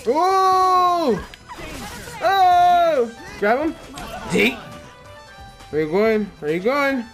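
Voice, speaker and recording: A man giving casual, excitable commentary while playing a fighting game, gasping and laughing as he reacts. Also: sits high, slow, soft background music. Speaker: let's player.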